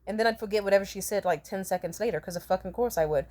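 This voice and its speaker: A woman's voice: mid-range voice, very fast, darkish tone. A young adult woman telling a casual storytime vlog, rambling and profane, laughing often between sentences. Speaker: vlogger.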